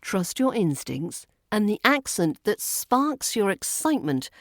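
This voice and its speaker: A woman with a British accent teaching a pronunciation lesson, saying each word slowly and deliberately. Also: mid-range voice, very animated, no room sound, studio quality. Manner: slow, deliberate, stresses each word clearly.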